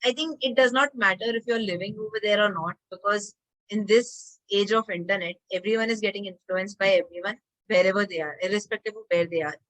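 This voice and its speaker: A woman's voice: mid-range voice, brisk, fairly bright tone, poor audio. A woman with an Indian accent, a guest on a podcast, giving frank opinions in casual talk. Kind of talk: casual interview chat.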